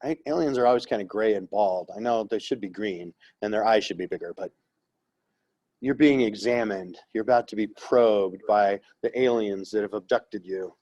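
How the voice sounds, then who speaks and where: A man's voice: lowish voice, moderate pace, a little mellow, lo-fi sound. A middle-aged man teaching an art history class in a classroom, rambling and joking as he talks. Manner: rambling, conversational, jokey.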